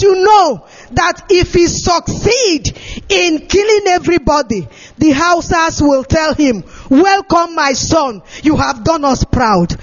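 A man giving an impassioned political address, often shouting and pleading through tears. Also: very high voice. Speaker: activist speaker. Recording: dull lo-fi recording.

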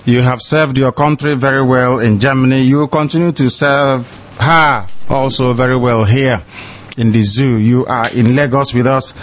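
A man hosting a radio show, briskly directing callers and thanking them. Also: mid-range voice, fairly even intonation. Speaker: radio host. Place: radio studio. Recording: muffled lo-fi radio audio.

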